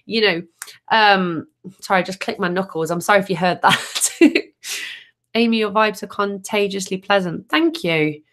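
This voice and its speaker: A woman's voice: medium pitch, unhurried, a bit bright. A woman tarot reader hosting a casual live stream, upbeat and chatty, restarting sentences as she answers viewer comments.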